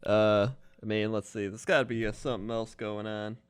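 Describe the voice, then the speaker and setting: A man's voice: lowish voice, flat delivery, brisk, smooth, no room sound, studio quality. A man co-hosting a podcast in casual chat, laid-back and giggly as he tells stories. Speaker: podcast co-host.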